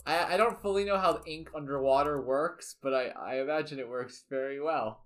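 A man's voice: on the high side, fairly bright tone. Rambling young man spinning a story. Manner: rambling, restarts, quick asides. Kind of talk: casual improvised storytelling.

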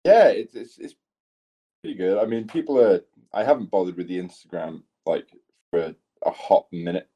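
A man's voice: low voice, moderate pace, slightly rough, muffled recording. A man chatting casually on a podcast, a tattoo artist telling rambling, sweary stories. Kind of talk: casual chat.

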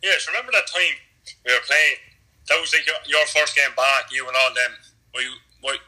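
A man's voice: medium pitch, brisk, pushed and bright, low-quality recording. A young man with a strong rural Irish accent chatting casually, laughing often and teasing his friend. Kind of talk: casual chat.

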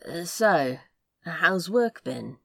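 A woman's voice: fairly low pitch, animated, very slow, creaky, fairly bright tone, no room sound, studio quality, full character voice. A woman voicing a nervous, awkward man who stammers and hesitates, in a fan audio drama.

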